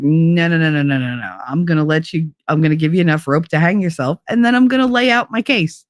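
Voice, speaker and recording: A woman's voice: low-pitched, quick pace, few pauses, dry recording, clean studio sound. Blunt, profane woman chatting to a stream. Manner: blunt, profane, laughing storyteller; slips into put-on accents and voices. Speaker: livestream talk show host. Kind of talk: casual chat to a live chat audience.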